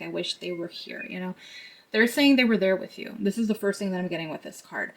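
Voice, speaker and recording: Chatty woman doing a tarot reading. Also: medium pitch. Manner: chatty and earnest, with many fillers and asides. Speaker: tarot card reader.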